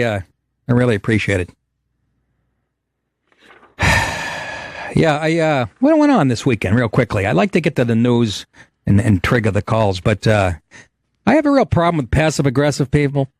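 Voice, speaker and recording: A man's voice: medium pitch, big pitch swings, moderate pace, pauses often, darkish tone, no echo, studio quality. A middle-aged man hosting a podcast, telling a profane, indignant comedic story in a rant. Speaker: podcast host.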